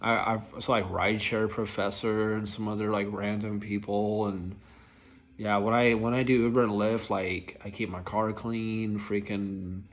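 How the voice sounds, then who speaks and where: A man's voice: lowish voice, level tone, moderate pace. A young adult man casually telling rideshare driver stories, rambling and filling nearly every phrase with "like". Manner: rambling, filler-heavy, lots of "like". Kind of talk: casual storytelling vlog.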